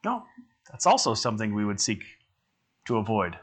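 A man preaches a sermon conversationally, putting questions to his congregation. His voice is fairly low and very animated, at a moderate pace.

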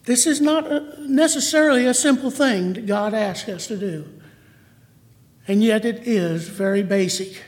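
Emotional high-voiced man preaching in a hall. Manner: emotional, slow and emphatic. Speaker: church speaker. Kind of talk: emotional sermon talk. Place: church hall. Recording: hall reverb.

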